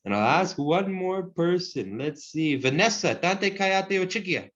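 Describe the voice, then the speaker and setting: A friendly Cree language teacher with a high-pitched, expressive, somewhat bright voice runs an online class over video call. He's encouraging, chuckles often, and slows down to model words. The audio is dull and lo-fi, with a little hiss or hum.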